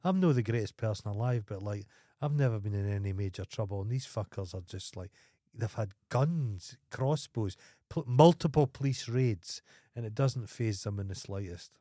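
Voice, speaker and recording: A man's voice: lowish voice, lively intonation, normal speed, dark tone, no echo, clean studio sound. A Scottish man co-hosting a podcast, chatting in a laid-back way and swearing freely. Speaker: podcast co-host. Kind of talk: casual chat.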